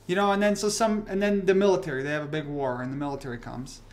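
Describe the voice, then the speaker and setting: A man's voice: on the high side, quick pace. Rambling, swearing man on a livestream. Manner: rambling, profane, animated ranting. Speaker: livestream host. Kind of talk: casual livestream chat.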